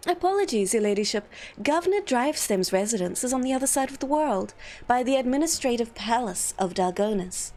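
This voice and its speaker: A woman's voice: on the high side, animated, fairly quick, a little mellow, natural voice. A woman voicing a villain-coded male secretary who speaks with formal, fawning politeness in a raised voice. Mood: smooth.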